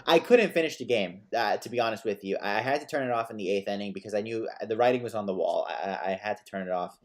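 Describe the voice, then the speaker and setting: A man co-hosting a casual sports talk show, animated and given to stammered restarts. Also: on the low side, fast talker. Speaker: sports podcast co-host.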